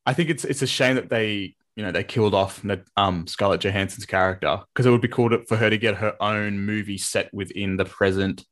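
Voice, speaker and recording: A man co-hosting a podcast, chatting casually in a rambling, relaxed way and laughing often. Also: on the low side, a little fast, hardly any pauses. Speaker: podcast co-host. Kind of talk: casual chat.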